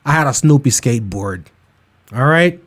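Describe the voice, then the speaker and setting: A man's voice: mid-range voice, moderate pace. A man hosting a podcast, ranting in a casual, emphatic and comedic way. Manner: animated, emphatic, keeps it real. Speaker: podcast host. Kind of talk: comedic rant, casual talk.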